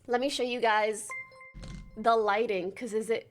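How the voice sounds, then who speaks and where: A young woman in her twenties chatting casually on a livestream, bubbly and talkative, quickly reading out names to thank her viewers. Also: on the high side, steady tone, music in the background.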